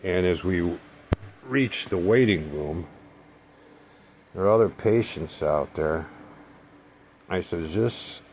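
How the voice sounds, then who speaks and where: A man with a deep, gravelly voice tells a long personal story, wandering off on tangents and slipping in dry, sardonic jokes. There is a faint hiss under his voice. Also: slow pace, pauses often, darkish tone. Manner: rambling, digressive, sardonic humor. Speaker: vlogger. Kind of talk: casual storytelling monologue.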